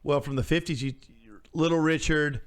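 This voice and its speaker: Man, 40s, casual podcast co-host; loose, rambling delivery, restarts a lot, slightly higher voice. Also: steady tone, normal speed, clean tone. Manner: rambling, restarts sentences, acts out quoted voices. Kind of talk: casual chat.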